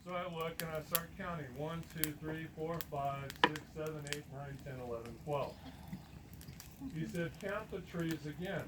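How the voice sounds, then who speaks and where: Male guest speaker, slightly high voice, animated storyteller, noisy room tone underneath. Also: normal speed. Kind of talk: storytelling talk.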